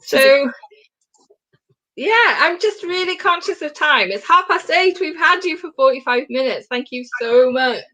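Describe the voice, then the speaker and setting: Bubbly woman co-host, fairly high voice. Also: expressive, bright, forceful tone. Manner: bubbly, quick, joking. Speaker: chat show co-host. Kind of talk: casual chat show hosting.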